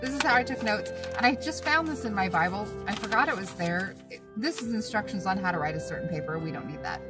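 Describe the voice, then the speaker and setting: A woman vlogger at an outdoor campsite, giving an earnest, emotional devotional talk with halting pauses and fillers. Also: mid-range voice, animated, distant mic, loud music behind the voice.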